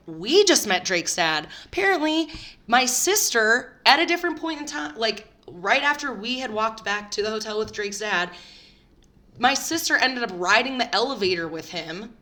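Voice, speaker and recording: Young woman podcast co-host, bright tense voice, animated storyteller for casual chat. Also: moderate pace. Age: young adult. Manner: animated storyteller, jumps high for quoted lines.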